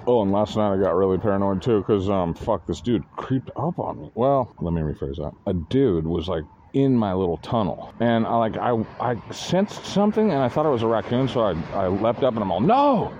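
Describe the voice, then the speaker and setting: A man's voice: lowish voice, animated, brisk, hardly any pauses, mellow, highs cut off, slight background noise. A man casually rambling and swearing while walking outdoors, vlogging on a phone. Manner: rambling, profane, talks to himself while walking. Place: outdoors on streets.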